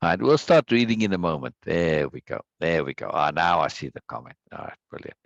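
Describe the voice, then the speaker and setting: Man hosting a live chat, lively up-and-down voice, gravelly, keeps repeating himself. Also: low-pitched, fairly quick, no room sound, muffled recording. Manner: rambling, repeats words, warm greetings. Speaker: livestream host. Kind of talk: casual live-stream chat.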